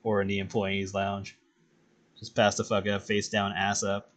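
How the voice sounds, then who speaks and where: A man streaming while he draws, chatting casually in a relaxed, rambling way with plenty of swearing. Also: fairly low pitch, measured pace. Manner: relaxed, profane, rambling with chuckles. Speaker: streaming artist. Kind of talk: casual chat while drawing.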